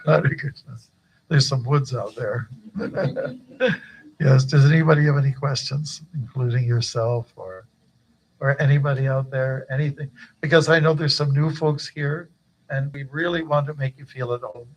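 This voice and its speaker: An older man leads an initiation at a temple gathering, speaking in a chatty, joking way full of "uh"s and asides. His voice sits at an ordinary pitch, with a faint hiss of room noise behind it. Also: normal speed, rough recording. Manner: chatty, joking, with frequent fillers and laughs. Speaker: guru giving initiation. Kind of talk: informal initiation talk.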